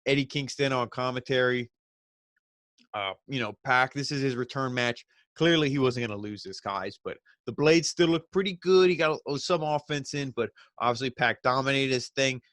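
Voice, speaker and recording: A man's voice: mid-range voice, moderate pace, a bit bright, no echo. A man casually recapping and reviewing a wrestling show, rambling with lots of fillers. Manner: loose, rambling, heavy on "you know" and "like".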